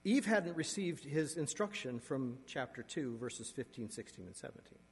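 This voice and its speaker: Preacher in a reverberant church hall. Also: male voice, medium pitch, expressive, normal speed, breathy edge. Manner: earnest preaching, reading scripture aloud with asides; dramatic shifts in loudness and emphasis. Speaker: pastor. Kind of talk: sermon. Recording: long reverb of a large hall.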